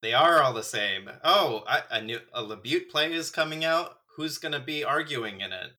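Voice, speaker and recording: Bright-voiced man telling animated stories. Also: medium pitch, normal speed. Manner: animated storyteller, acts out quotes, laughs often. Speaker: friend and fellow actor. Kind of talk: casual chat, reminiscing.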